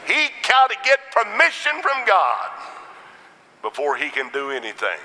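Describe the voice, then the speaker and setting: A man's voice: medium pitch, big pitch swings, a little slow, bright, forceful tone, big-room sound, a little hiss or hum, poor audio. A man preaching a sermon in a rhythmic style, punctuated with Amens.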